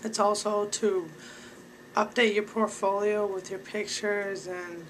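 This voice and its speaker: Young male vlogger, bright voice, slow, rambling delivery full of fillers. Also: high-pitched, little pitch movement, a little hiss or hum, rough recording. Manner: rambling, filler-heavy, talks to viewers directly. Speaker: vlogger giving advice. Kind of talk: casual advice vlog.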